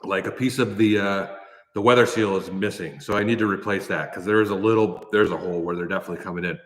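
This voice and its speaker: A man's voice: low voice, steady tone, quick pace. A Midwestern American man hosting a casual livestream, sighing and coughing through spicy jerky while thanking viewers. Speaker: livestream host. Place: large new shop building. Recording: echoey reverberant shop room.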